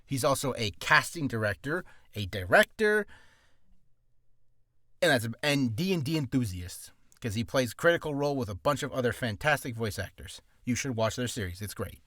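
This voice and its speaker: A man's voice: medium pitch, lively intonation, moderate pace, a bit bright, no room sound. Goofy rambling man, dry close mic. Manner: goofy, rambling, self-interrupting. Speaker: voice actor vlogger. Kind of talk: casual screen-share vlog.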